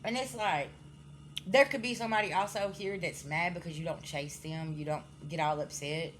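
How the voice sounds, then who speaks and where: Her voice is fairly low and moves at a moderate pace, with a little hiss or hum behind it. This card reader addresses viewers directly in a casual spiritual reading, scolding bluntly, swearing freely, and often asking "okay?"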